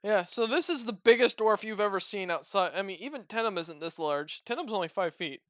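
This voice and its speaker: A man narrating a tabletop game as game master, in a relaxed way with many fillers. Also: sits high, a little fast, no room sound.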